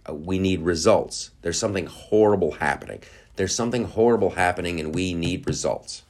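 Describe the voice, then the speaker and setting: A man giving a casual spoken monologue, animated and profane, who riffs in quick put-on voices. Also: low voice.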